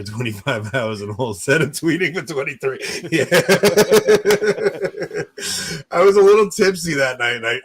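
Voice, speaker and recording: A man's voice: medium pitch, fairly bright tone, a little hiss or hum. A man from New York hosting a casual podcast, telling rambling stories and laughing often. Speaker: podcast host.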